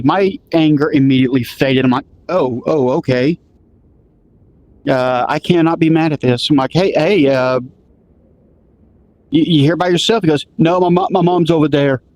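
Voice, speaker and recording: A man's voice: on the high side, normal speed, a little mellow. A man casually telling a road story, rambling and restarting, acting out the dialogue he recalls. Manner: rambling, restarts often, acts out quoted dialogue.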